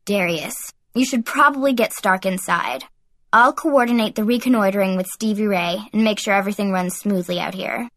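A pompous teenage boy who loves being in charge, put on by a woman reading aloud, talks down to others in a lowered voice. The audiobook sound is dry and close. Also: normal speed, a bit bright, dry recording, close to an everyday voice. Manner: pompous, condescending.

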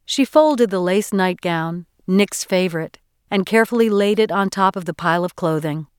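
Smooth low-voiced woman reading a novel. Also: dry recording. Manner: measured, even storytelling delivery. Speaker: audiobook narrator. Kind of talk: scripted narration.

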